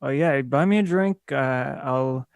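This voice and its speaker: A man playing a famous boxer who is trying to go unnoticed, speaking in a hesitant, apologetic, halting way. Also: mid-range voice, gravelly, dry recording. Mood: friendly.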